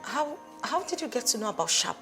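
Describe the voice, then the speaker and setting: A woman's voice: a little high, sing-song, fairly quick, pushed and bright, faint music behind. An actress with a Nigerian accent playing a defiant, obsessive young woman who speaks sharply.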